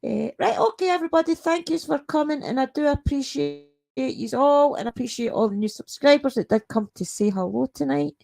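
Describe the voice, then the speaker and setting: A woman's voice: sits high, a little fast, gravelly, a little mellow, faint music behind. A Scottish woman hosting a paranormal live stream from home at night, chatting casually with her viewers, laughing often and greeting them by name.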